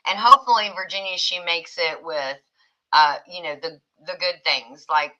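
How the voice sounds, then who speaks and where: Woman, livestream host, chatty, bright forceful tone, slightly lower pitch, dull lo-fi sound. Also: moderate pace. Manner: chatty, reads viewer comments aloud, laughs often. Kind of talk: casual livestream chat.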